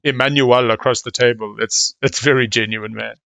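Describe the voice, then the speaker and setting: A man from South Africa with a South African accent, commentating live on a board game in a chatty, excitable, slangy way. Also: mid-range voice, normal speed, creaky, dry recording.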